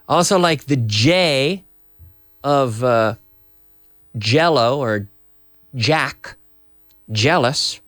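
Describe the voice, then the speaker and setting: A middle-aged man teaching a live online English lesson, lively and repeating words over and over to drill pronunciation. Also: medium pitch, no echo, studio quality.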